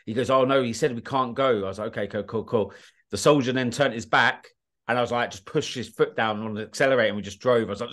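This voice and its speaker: British man, podcast guest, blunt and animated storyteller with a mid-pitched voice. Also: fast talker. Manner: animated, blunt, swears, often asks "do you know what I mean". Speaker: guest, war documentary filmmaker. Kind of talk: casual interview storytelling.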